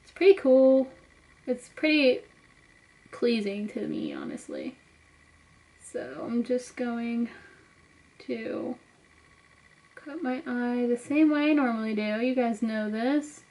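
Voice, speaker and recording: A woman's voice: a little high, very animated, takes it slowly, pauses often, a little mellow, poor audio. Chatty young woman talking through makeup. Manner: chatty, talks viewers through each step. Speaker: beauty vlogger. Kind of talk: casual makeup tutorial talk.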